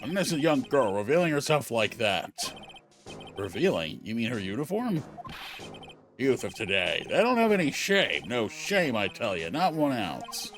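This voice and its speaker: A gruff, scolding old grandpa, as a man puts him on for a game read-along, grumbling at the young with scorn. The voice sits at a middle pitch but swings widely as he complains. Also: sing-song, moderate pace, over music, lightly acted.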